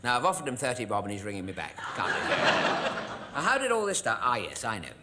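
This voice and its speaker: A man delivers a deadpan comic monologue, letting his pitch swing widely as he goes. There is loud noise in the background of the recording. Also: quick pace. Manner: deadpan storytelling with acted quotes. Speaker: comedian. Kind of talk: stand-up monologue to a studio audience.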